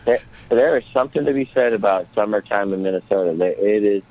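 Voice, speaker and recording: A man's voice: on the low side, fast. A man calling into a casual sports talk show from a small airport, joking and rambling. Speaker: co-host calling in. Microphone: phone call. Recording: muffled phone line.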